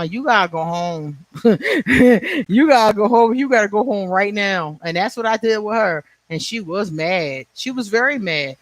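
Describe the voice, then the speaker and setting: A man in his forties, his voice pitched high, chats on a livestream in a blunt, profane way, laughing often and thanking viewers by name. The sound is dry and close, with no room echo. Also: a bit bright. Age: 40s. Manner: answers viewer comments by name. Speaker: livestream host. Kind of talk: casual livestream chat.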